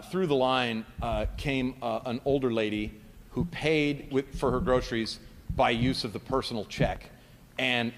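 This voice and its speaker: A man answering audience questions as a guest philosopher at a public talk, speaking in an animated, expansive way with spirited emphasis. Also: medium pitch, slight background noise. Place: lecture hall at a college event. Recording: hall reverb.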